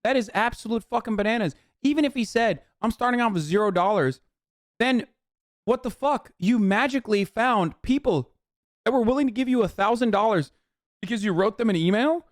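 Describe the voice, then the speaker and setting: A man livestreaming his reaction to a video, ranting angrily with constant swearing and bursts of shouting. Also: very high-pitched, a little fast, no echo, clean studio sound. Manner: angry, swearing, often shouting in disbelief. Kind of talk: heated profane rant.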